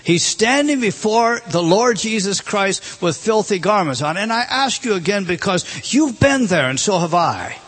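Husky-voiced preacher man, high-pitched. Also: expressive, normal speed, hardly any pauses, fairly bright tone. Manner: rising and dropping emphatically, direct questions to the congregation. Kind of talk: sermon.

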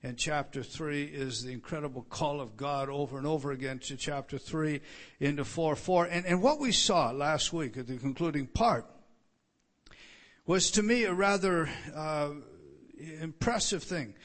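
A man preaching a sermon in an emphatic, repetitive way, lifting his voice on the words he wants to stress. He often stumbles and restarts his phrases. His speaking voice sits fairly high for a man. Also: normal speed, a bit bright. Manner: stammering restarts. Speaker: pastor. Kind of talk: expository sermon.

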